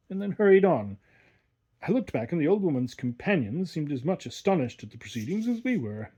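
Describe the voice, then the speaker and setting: A man narrates a classic short story in an expressive storytelling manner. His voice is husky and sits a little high. His pitch rises and falls in lively swings. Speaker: audiobook reader. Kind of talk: scripted narration.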